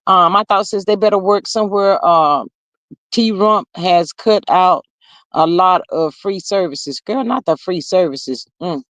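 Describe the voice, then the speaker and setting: A woman's voice: on the low side, measured pace, fairly bright tone, no room sound. A woman hosting a casual live stream, talking straight to her viewers and reading out the chat in a folksy, chatty way.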